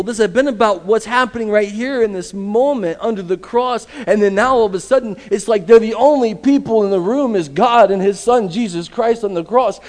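A man's voice: sits high, a little mellow. A man preaching a sermon in a conversational, emphatic way, repeating phrases for stress. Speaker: pastor.

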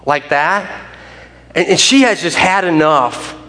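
A man's voice: fairly high pitch, expressive, slow, bright, forceful tone. A man pastor giving a casual, rambling sermon in a folksy way, often restarting and adding asides. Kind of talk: conversational sermon. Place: church sanctuary.

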